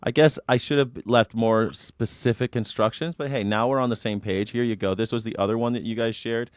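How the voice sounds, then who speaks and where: A man hosts a casual livestream reaction show, briskly chatting with viewers and cursing freely. His medium-pitched voice is steady and clean, with clean studio sound and no echo.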